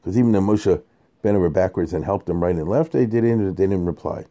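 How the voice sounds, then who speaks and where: A man teaches a Torah lesson in a loose, talky way, his voice low and very dark and mellow. He jumps up in pitch when making a point and peppers his speech with Hebrew and Yiddish terms. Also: fairly quick. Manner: animated, conversational, heavy Yiddish and Hebrew terms. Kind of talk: informal Torah lecture.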